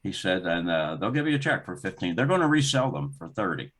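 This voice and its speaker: An older man speaks in a low, deep voice as an interview guest, recounting a story at an easy conversational pace. He slips into the voices of the people he is describing, pushing his pitch up, and he laughs now and then as he goes. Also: fairly quick. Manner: animated, acts out dialogue in the story with rising pitch and laughter. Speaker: guest, former sports executive.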